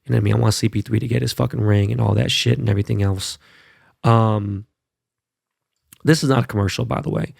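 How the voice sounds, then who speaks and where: A man's voice: on the low side, steady tone, fast talker, vocal fry, long pauses, darkish tone, husky, no echo, clean studio sound. A man hosting his own podcast, talking bluntly and profanely in a fired-up casual monologue, often tagging lines with "right?" and "okay?". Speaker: podcast host.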